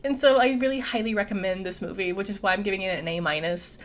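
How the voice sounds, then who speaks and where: A woman's voice: medium pitch, fast talker, a little hiss or hum. A young adult woman giving a casual, chatty movie recap, peppering her speech with "like". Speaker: movie reviewer.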